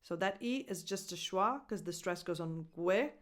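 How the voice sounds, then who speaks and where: A woman, teaching English pronunciation slowly and carefully, repeating each word syllable by syllable. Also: fairly low pitch, animated. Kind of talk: pronunciation lesson to camera.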